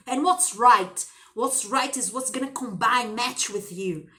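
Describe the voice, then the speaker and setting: High, bright-voiced woman preaching motivation. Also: a little slow, hardly any pauses. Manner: impassioned, piles up rhetorical questions; addresses viewers with endearments. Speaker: teacher. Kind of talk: motivational monologue to camera.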